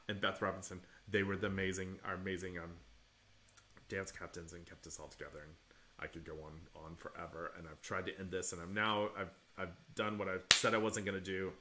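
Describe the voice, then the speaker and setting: A man's voice: deep voice, bright, forceful tone, a little hiss or hum. A middle-aged man giving an earnest, emotional commentary in a casual, rambling way. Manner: emotional, earnest and grateful, rambling with many fillers. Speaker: cast member giving film commentary.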